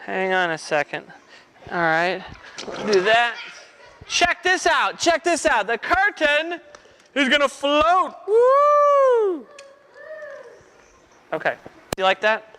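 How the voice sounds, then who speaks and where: A playful man leads a children's magic show in front of a live audience of kids, cracking jokes and coaxing them to join in. His pitch leaps up and down as he talks, with a bright, forward tone and a faint hiss behind him. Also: wildly swooping pitch, slow pace, long pauses. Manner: playful, jokey, audience-rousing.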